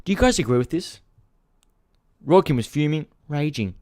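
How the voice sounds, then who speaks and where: A man's voice: a little high, lively intonation, normal speed, a little mellow, no echo, clean studio sound. A man hosting a casual live-stream football chat, ranting with frustration, swearing freely and talking straight to his viewers. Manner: frustrated, talks to viewers directly. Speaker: football channel host.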